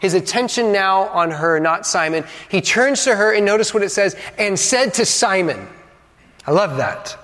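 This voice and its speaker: A man with a fairly high voice preaches from the pulpit, building with dramatic pauses and dropping in playful asides to the congregation. The sound has a long reverb from a large church hall. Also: animated, bright, forceful tone. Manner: dynamic preaching, dramatic pauses, acts out quotes. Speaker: pastor. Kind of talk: sermon.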